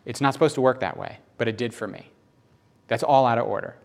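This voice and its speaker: A man's voice: mid-range voice, fast talker, vocal fry. Male preacher for a sermon read: emphatic, repeats lines, mid-range voice. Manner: emphatic, repeats phrases, swings between loud and hushed.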